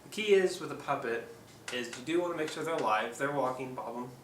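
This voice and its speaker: A man's voice: medium pitch, fairly quick, a bit bright. A man from Oregon giving a casual, rambling how-to tutorial as a puppeteer, full of ums and restarts. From Oregon, USA. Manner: rambling, hesitant, lots of ums. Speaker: puppeteer, channel host. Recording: echoey room, distant mic, faint background hum.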